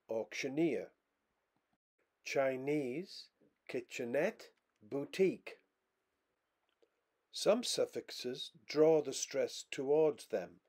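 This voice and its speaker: A man narrating a scripted English pronunciation lesson, reading out example words slowly and with clear stress. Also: medium pitch, darkish tone.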